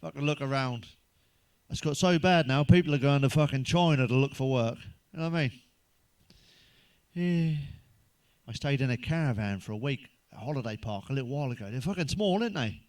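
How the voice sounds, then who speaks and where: A man's voice: mid-range voice, animated, brisk, a little mellow. A man delivering a crude stand-up monologue, swearing freely and talking straight to the listener. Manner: swearing, chatty, addresses listener directly. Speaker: stand-up comedian.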